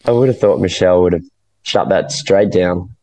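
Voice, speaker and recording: A man's voice: low-pitched, a crowd in the background. A man co-hosting a podcast, chatting casually and laughing often. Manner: slow, amused, laughs often. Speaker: podcast co-host. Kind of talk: casual chat.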